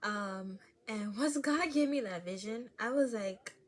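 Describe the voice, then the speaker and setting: A woman at a middle pitch talks through a casual faith podcast monologue. Her storytelling is animated, with frequent laughs and sudden drops into a hushed whisper. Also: unhurried. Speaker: podcast host.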